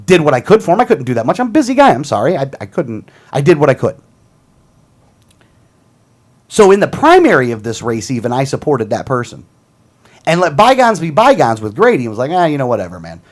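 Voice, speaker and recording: A man hosting a talk show vents in a heated, combative rant, circling back to his points again and again. His voice sits somewhat high for a man and swings widely up and down as he argues. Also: big pitch swings, a little fast, long pauses. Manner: heated, combative, repeats himself. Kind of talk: casual political rant.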